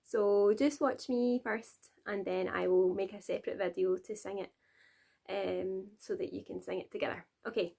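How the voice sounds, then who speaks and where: A woman's voice: medium pitch, fairly even intonation, moderate pace, gravelly, warm tone. A woman with a Glasgow accent, a nursery teacher chatting encouragingly as she explains a children's rhyme to adults. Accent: Glaswegian. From Scotland. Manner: chatty and encouraging, with frequent laughs. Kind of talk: friendly tutorial for adults.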